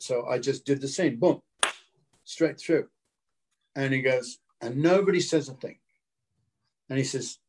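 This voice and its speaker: Actor telling an animated story. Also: male voice, a little high, normal speed. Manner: animated, acts out the quotes. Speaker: guest actor. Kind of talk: casual anecdote storytelling. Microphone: video call.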